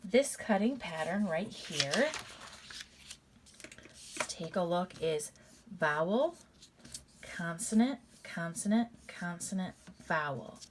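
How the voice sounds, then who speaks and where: A woman teacher giving a recorded reading lesson. She goes through patterns deliberately, step by step, repeats them, and calls her students "you guys". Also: lowish voice, expressive, a little hiss or hum.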